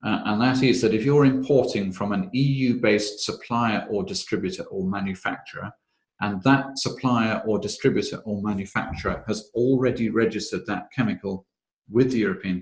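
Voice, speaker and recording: A man presenting a webinar on health and safety law, talking in a measured, methodical way with frequent "uh" fillers. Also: on the low side, gravelly, reverberant. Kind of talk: explanatory webinar talk.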